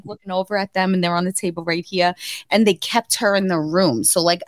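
Recorded in clean studio sound with no echo, this podcast co-host is a woman in her thirties chatting casually. As she tells the story of a birth, she animates it by voicing quotes in an abruptly high pitch.

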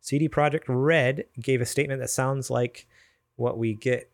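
A man's voice: mid-range voice, fairly even intonation, normal speed, creaky, dry recording. Dry-sounding man chatting casually. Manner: loose and chatty, reads news aloud. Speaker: podcast co-host. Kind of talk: casual gaming news chat.

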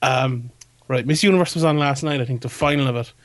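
A man's voice: mid-range voice, fast, dry recording. A man co-hosting a podcast over a remote call, chatting casually and often stammering as he restarts. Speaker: podcast co-host. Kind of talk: casual chat. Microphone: remote call with a shaky internet connection.

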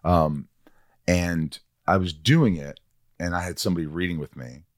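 A man's voice: low-pitched, moderate pace. A man hosting a podcast, chatting casually and telling rambling stories, with the odd swear word. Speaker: podcast host and actor. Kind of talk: casual interview chat.

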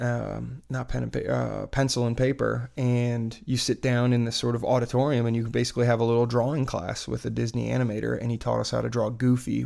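A man's voice: medium pitch, vocal fry, a little mellow. A man in his thirties chatting casually about a family theme park trip, rambling with lots of fillers and restarts. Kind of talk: casual chat.

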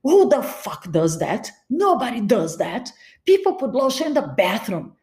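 A woman's voice: a little high, very animated, a little slow, darkish tone. A woman voicing her irritable ex-boyfriend, a grown man who scolds, curses and lectures her over small things. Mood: angry. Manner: scolding, cursing, exasperated. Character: irritable stingy boyfriend, man, adult, quick to rage.

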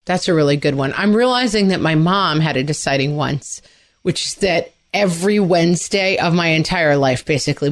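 A woman with a slightly low voice chats on a podcast. She muses out loud in a relaxed way, with frequent "like"s. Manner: conversational, reflective, many fillers. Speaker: podcast co-host. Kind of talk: casual chat.

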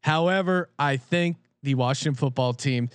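A man's voice: on the high side, normal speed, clean tone, dry recording. A man co-hosting a sports betting show, talking bluntly and swearing freely as he gives his picks. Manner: blunt and profane, candid picks. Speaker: sports betting podcast co-host. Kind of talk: casual sports betting chat.

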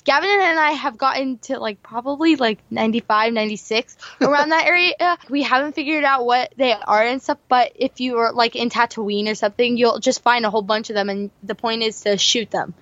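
High-voiced young woman, dry lo-fi sound. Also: brisk, few pauses, fairly bright tone, no room sound. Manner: earnest, retells her reactions. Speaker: podcast co-host. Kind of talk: casual fan discussion.

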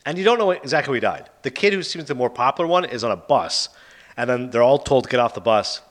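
A man talks through films in a casual podcast chat, sarcastic and animated as he retells plots. His speech is quick and his pitch swings widely. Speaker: podcast host reviewing films.

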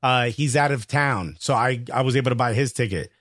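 A man with a New York accent, a comedian co-hosting a podcast and telling an excited, slangy story in casual chat. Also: medium pitch, fairly quick, no echo, clean studio sound.

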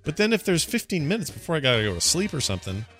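A man's voice: on the high side, sing-song, racing, a bit bright, soft background music. A man co-hosting a gaming podcast, chatting casually and reading listener emails, often correcting himself mid-sentence. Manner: rambling, self-correcting, reads listener emails. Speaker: podcast co-host. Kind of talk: casual chat.

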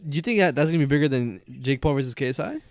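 A man's voice: a little high, animated, rapid-fire, darkish tone, dry recording. A young man in his twenties co-hosting a podcast, laid-back and agreeable, laughing often in casual chat. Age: 20s. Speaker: podcast co-host.

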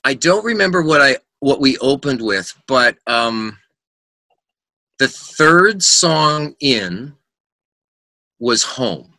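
Bright-voiced man telling road stories. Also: mid-range voice, slow pace, long pauses, no echo. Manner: animated anecdotes, acts out quotes, laughs often. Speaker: rock singer, guest. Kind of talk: casual storytelling in a podcast interview.

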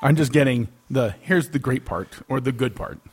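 A middle-aged man co-hosting a casual podcast, throwing in quick jokes and wisecracks. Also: medium pitch, breathy edge. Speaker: podcast co-host. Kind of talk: casual chat.

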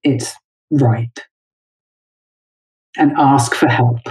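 Low-voiced woman in a roomy space. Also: fairly even intonation, extremely slow, a little mellow. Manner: chatty, laughs easily, many fillers. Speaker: guest, intimacy director. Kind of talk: casual interview conversation.

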